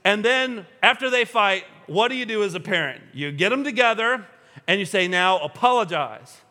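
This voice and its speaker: A man preaching a sermon to a congregation in a church, animated and humorous, acting out everyday scenes. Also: high-pitched, normal speed. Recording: long hall reverb.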